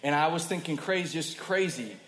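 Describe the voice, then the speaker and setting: A man's voice: on the high side, brisk, slight background noise. Conversational preaching man, roomy hall. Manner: conversational, swings between loud emphasis and soft quiet. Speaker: pastor. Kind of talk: sermon. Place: church hall. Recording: roomy hall with faint ambience.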